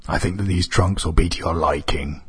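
A man's voice: deep voice, steady tone, a little fast, fairly bright tone, slightly rough, heavily acted. A man voicing a short, hunched, hooded shopkeeper man who hisses and sneers. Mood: sly. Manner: hissing, sneering.

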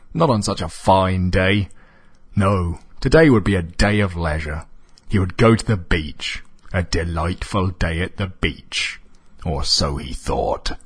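Deep husky deadpan male narrator. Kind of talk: scripted comic narration.

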